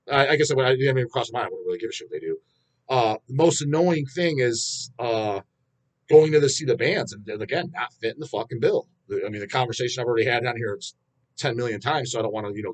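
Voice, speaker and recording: A man at a middle pitch hosts a casual metal channel, venting bluntly to his viewers. His talk is thick with swearing, restarts and trailing fillers. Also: husky. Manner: profane, blunt, ranting. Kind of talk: casual rant answering viewer questions.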